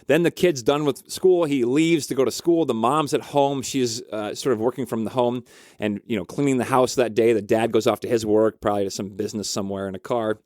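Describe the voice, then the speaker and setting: A man of ordinary mid pitch tells a story in a chatty, animated way, with frequent fillers. He sounds like someone who counsels couples. The recording is close and dry. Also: brisk, no room sound. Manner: animated, conversational, lots of fillers. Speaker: marriage counselor. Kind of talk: casual storytelling.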